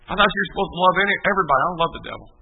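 A male preacher giving an emphatic, repetitive sermon that rises to shouts. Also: high-pitched, very fast, background noise. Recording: tinny distant phone-like recording.

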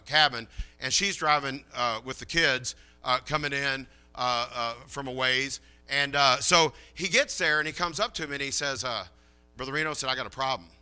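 A man's voice: mid-range voice, sharp tone, clear, resonant tone. A man preaching a sermon in a folksy, chatty way, telling a story and acting out the dialogue.

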